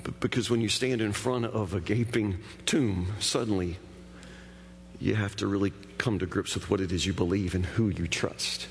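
A man's voice: fairly low pitch, steady tone, normal speed, in a large hall, a little hiss or hum. A man preaching a sermon in a conversational, emphatic way, often stammering over restarts. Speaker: pastor.

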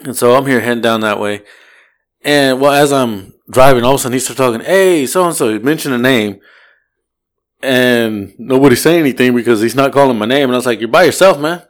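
A man's voice: medium pitch, fairly quick. Man, podcast co-host, loose casual storyteller who acts out every voice. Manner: animated, swearing, acts out voices in his story.

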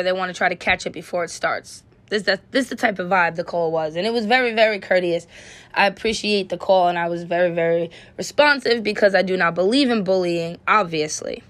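Mom ranting on her podcast, swears a lot, fires off question after question, mid-pitch voice. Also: a bit bright. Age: adult parent. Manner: blunt and profane, rhetorical questions. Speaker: podcast host. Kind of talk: ranting monologue.

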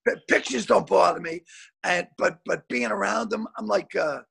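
An older man over sixty telling loud, swearing anecdotes as a comedian guest over a video call, often repeating words as he goes. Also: high voice, normal speed, gravelly, breathy edge. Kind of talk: storytelling anecdotes.

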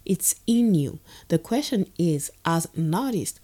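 A low, mellow-voiced woman from the Caribbean reads her film commentary from a script. She sounds reflective and earnest and keeps a measured pace. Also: expressive.

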